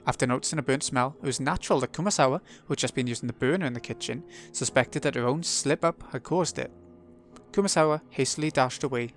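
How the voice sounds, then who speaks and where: A man reading the narration of a visual novel aloud as a let's play, in a steady storytelling read. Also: medium pitch, fast, soft background music.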